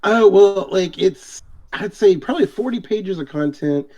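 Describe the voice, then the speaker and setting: A man's voice: high voice, expressive, a little slow, mellow. A man who is a guest on a casual interview over a video call, talking in a hesitant way with many restarts. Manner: hesitant, full of fillers and restarts. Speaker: guest, game book author. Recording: dull lo-fi call audio.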